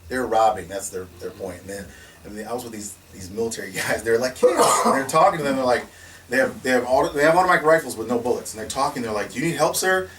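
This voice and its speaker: A man telling stories in a casual conversation as the founder of a security company, animated and laughing, often restarting and acting out what people said. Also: medium pitch, fast. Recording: distant mic with faint noise.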